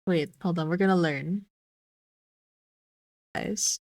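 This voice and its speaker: A woman streaming and chatting with her audience, trying a word out loud again and again and swearing lightly along the way. She talks slowly and unhurriedly. The sound is close and dry, with no room around it. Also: fairly low pitch, no room sound. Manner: musing aloud, repeating a word to test its pronunciation. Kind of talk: casual livestream chat.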